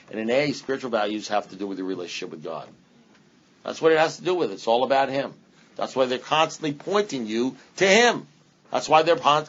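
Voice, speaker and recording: A man's voice: mid-range voice, fairly bright tone. A man speaking at a recovery meeting, rambling and blunt, with punchy repetition and sarcastic asides. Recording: dull lo-fi meeting recording.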